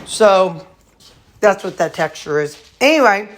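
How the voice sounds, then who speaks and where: A woman's voice: medium pitch, lively intonation, a little slow. A woman vlogging casually at home, rambling through her chores and morning routine while talking to her dogs. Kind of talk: casual home vlog chat. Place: at home, kitchen and storage room.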